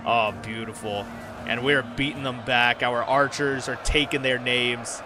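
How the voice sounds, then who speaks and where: Male streamer, mid pitch, excited casual play-by-play, noisy background. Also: a little slow. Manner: excited, swears, lots of fillers. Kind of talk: casual gameplay commentary. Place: home room.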